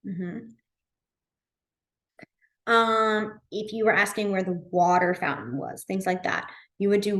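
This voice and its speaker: A woman's voice: mid-range voice, slow pace, long pauses, fairly bright tone. A woman teaching a beginner sign language class in a library, chatty and informal, with lots of fillers and self-corrections. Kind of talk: casual class instruction.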